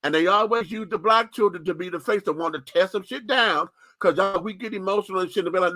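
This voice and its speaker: A man's voice: sits high, fast, hardly any pauses, bright, forceful tone, no echo. A man hosting a radio show, speaking in impassioned, profane, sassy commentary.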